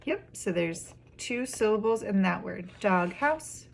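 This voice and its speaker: A woman's voice: medium pitch, slow pace, hardly any pauses. A young woman teaching a phonics lesson to small children, drawing out each word syllable by syllable in a sing-song way. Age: young adult. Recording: clear background noise.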